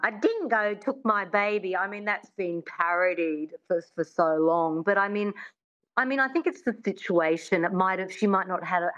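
A woman's voice: lowish voice, fairly bright tone. Australian woman accent coach, lo-fi. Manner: chatty, many restarts and "I mean". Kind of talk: interview chat. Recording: dull lo-fi sound.

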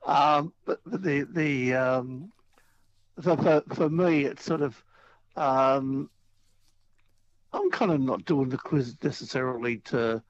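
A man calling in to a radio quiz, speaking in a hesitant, halting way. His voice sits in a middle range. The line sounds muffled and lo-fi, like an old phone call. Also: medium pitch. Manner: hesitant, many fillers and restarts. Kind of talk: casual phone chat.

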